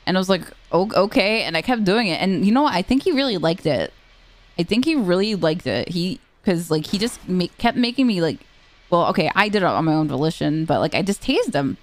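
A woman's voice: lowish voice, expressive, a little fast. A young woman streamer chatting casually, telling rambling stories full of swearing. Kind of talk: casual chat.

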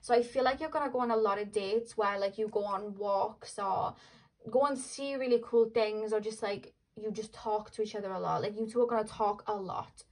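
A woman's voice: medium pitch, normal speed, low-quality recording. A young woman giving a casual tarot reading to camera, chatty and rambling with lots of fillers. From Wales. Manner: chatty, rambling, frequent "like" and "um" fillers, laughs easily. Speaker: tarot reader.

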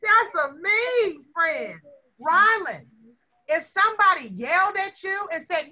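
A woman teaches young children in a high, bright, forceful voice. She coaxes them with question after question and acts things out as she goes. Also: takes it slowly. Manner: expressive, coaxing, asks children questions. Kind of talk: classroom lesson with young children.

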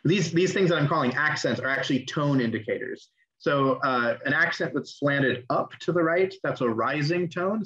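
A man's voice: a little high, normal speed. Chatty young man teaching online, lo-fi sound. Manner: relaxed and chatty, many ums and restarts. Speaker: class teacher. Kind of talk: casual online lecture.

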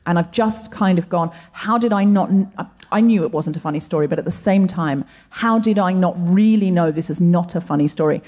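A woman's voice: on the low side, fairly quick, hardly any pauses, dark tone. A woman co-host telling reflective stories to a live audience in a stand-up set. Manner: earnest, reflective storytelling. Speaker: co-host comedian. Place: comedy venue stage before a live audience.

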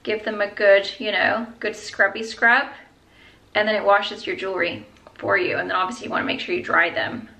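A woman's voice: mid-range voice, steady tone, moderate pace, vocal fry, sharp tone, rough recording. A young woman vlogging about her jewelry in a gushing, chatty way, with gasps and whispered asides. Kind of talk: casual chat.

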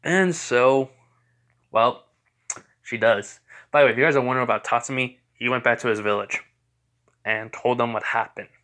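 A man's voice: mid-range voice, moderate pace, long pauses, fairly bright tone. A young man casually retelling a fan story, rambling with many fillers and restarts.

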